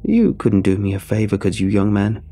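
A man's voice: very animated, moderate pace, warm tone, faint music behind. A man voicing a shrewd elderly woman who squawks and rambles, turning snappish. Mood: shrill, rambling. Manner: shrill, snappish.

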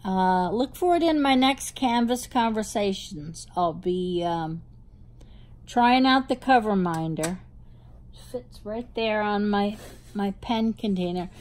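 Slow-talking gushing woman with a New Jersey accent. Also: medium pitch, animated, a little mellow. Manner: gushing, delighted over cute little things. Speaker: hobby vlogger. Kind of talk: casual show-and-tell unboxing.

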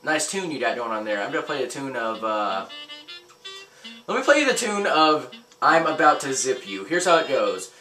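A young man giving crude, profane gameplay commentary, ranting loudly and then muttering under his breath. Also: mid-range voice, big pitch swings, moderate pace, far from the mic, faint music behind. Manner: loud, crude, ranting, jumps between yelling and muttering. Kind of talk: profane let's-play commentary.

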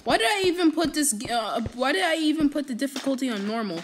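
A woman giving excitable, rambling let's-play commentary and trash-talking the enemies she fights. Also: sits high, fast talker, noisy background. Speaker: gamer. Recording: background music under voice.

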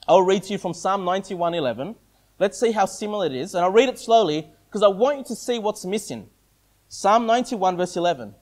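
Higher-voiced male pastor preaching conversationally. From Australia. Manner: conversational preaching, frequent "okay?" and "all right?" check-ins. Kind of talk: sermon.

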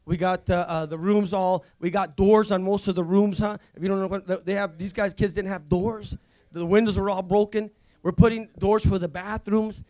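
A man, a visiting pastor, giving a rambling, excitable testimony at a church service, full of restarts. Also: high voice, normal speed. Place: church sanctuary.

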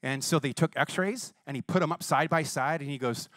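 Male preacher, animated pitch, chatty sermon storyteller, dry close mic. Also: a little fast, dry recording. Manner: lively, conversational, acts out quotes.

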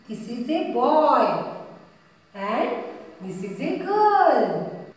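A woman with an Indian English accent teaching a nursery class in a slow, sing-song voice for small children. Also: on the high side, sing-song. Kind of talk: online nursery class lesson. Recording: echoey room recorded from a distance.

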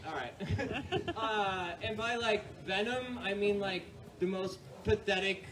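Stand-up comic, man from New York, high voice, swearing and rambling, chuckles at his own bits, heard from afar. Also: slow, fairly bright tone. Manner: profane, rambling, laughs at own jokes. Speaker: stand-up comedian. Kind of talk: stand-up set. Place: comedy club stage with audience. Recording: distant mic, noisy live room.

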